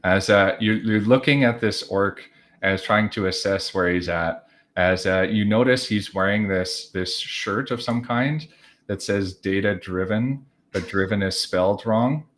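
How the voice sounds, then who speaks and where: Low-voiced rambling game master. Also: male voice, unhurried, fairly bright tone. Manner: rambling, chains lines with "as he just says". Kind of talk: narrating a tabletop game.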